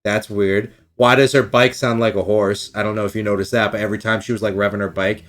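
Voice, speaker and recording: A man's voice: fairly low pitch, level tone, quick pace, fairly bright tone. Casual, profane male podcast co-host. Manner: rambling, profane, acts out quoted lines. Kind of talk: casual chat.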